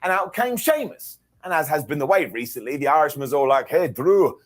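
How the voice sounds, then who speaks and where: A man's voice: a little high, big pitch swings, a little fast, a bit bright. A man co-hosting a podcast, recapping wrestling in a playful, self-mocking way. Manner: playful, self-mocking storyteller who acts out quotes. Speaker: podcast co-host.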